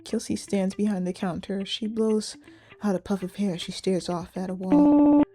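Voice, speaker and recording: A young woman reading a story game aloud and reacting in an animated, giggly, slangy way. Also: mid-range voice, normal speed, faint music behind. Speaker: gamer playing a story game.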